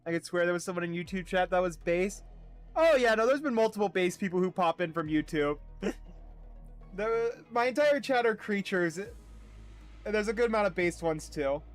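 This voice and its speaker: A man's voice: high-pitched, animated, normal speed, faint music behind. A man streaming a game, chatting casually with his chat, laughing often and now and then reading game dialogue aloud at full speed.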